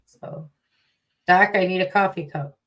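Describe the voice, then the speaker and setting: A woman's voice: on the low side, unhurried, a bit bright. Woman with a chicago accent, casual livestream co-host, teasing and chatty. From Chicago area.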